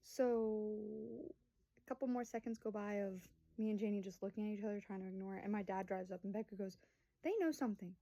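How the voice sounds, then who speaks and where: Here the vlogger, a young mother in her early twenties, delivers her rambling family story to camera fast and flat, her mid-range voice dark in tone. There's no echo, but the audio quality is poor. She fills the chat with fillers and acts out what her relatives said.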